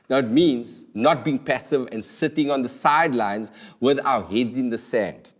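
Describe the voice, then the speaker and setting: A man hosting a comedy talk show, delivering a playful scripted monologue with sudden high exclamations. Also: unhurried.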